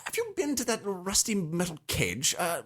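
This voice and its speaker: A snooty socialite sniffs about the neighbours in a lilting, overly refined voice, put on by a man. The pitch rides high above a normal speaking voice and swoops around with theatrical disdain. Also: very animated, moderate pace, a bit bright, full character voice. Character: snooty, affected upper-class man, gossipy.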